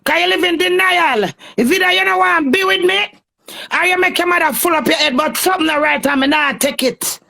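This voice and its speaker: A woman's voice: very high-pitched, a little fast, gravelly, sharp tone. A Jamaican woman in a heated, cursing, confrontational rant on a phone live stream.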